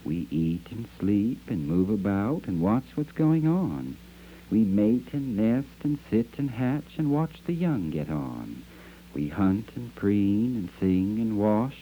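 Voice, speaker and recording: A man's voice: fairly low pitch, very animated, slow, a little hiss or hum, pitched above the performer's own voice. A man voicing a chorus of wild birds, imitating quacks, hoots and chirps. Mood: cheerful. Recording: dull lo-fi archive recording.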